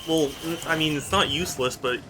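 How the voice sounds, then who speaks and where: A man's voice: on the high side, fairly quick, background noise. Playful, bickering man streaming a game. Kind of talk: casual live-stream chat with viewers.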